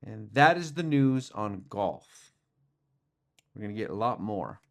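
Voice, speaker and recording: A man's voice: fairly low pitch, expressive, measured pace, gravelly, fairly bright tone. A young man hosting a podcast, talking through sports news in a rambling, casual way with lots of fillers and restarts. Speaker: podcast host.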